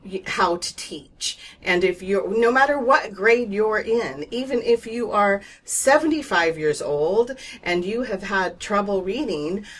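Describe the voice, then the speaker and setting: A woman's voice: medium pitch, lively intonation, measured pace, few pauses. A woman teaching reading in a patient, reassuring way, explaining sounds step by step and demonstrating them. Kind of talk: instructional video lesson.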